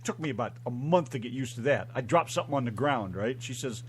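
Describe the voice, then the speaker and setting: A man's voice: medium pitch, lively intonation, fast talker, few pauses, a little hiss or hum. A man co-hosting a casual podcast chat, teasing his co-host with crude, profane banter.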